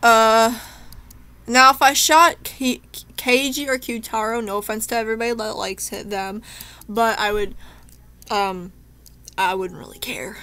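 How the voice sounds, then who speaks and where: A woman's voice: on the high side, fairly even intonation, a little slow, pauses often, bright, forceful tone, smooth. A young woman commentating her own gameplay, talking to herself in a chatty, emotional way and shaken to the point of tears. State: tearful, shaken. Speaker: gameplay streamer. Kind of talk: let's play commentary.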